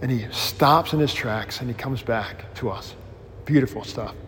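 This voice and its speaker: A male pastor teaching a new member class, informal and rambling, with animated storytelling, many restarts and self-deprecating humor. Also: medium pitch, moderate pace, big-room sound, slight background noise.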